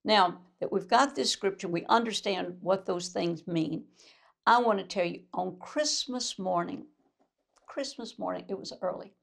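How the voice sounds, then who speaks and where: A woman's voice: mid-range voice, a little slow, vocal fry. An older woman preaching a sermon as a bishop, fervent and emphatic, repeating her phrases for weight. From Louisiana.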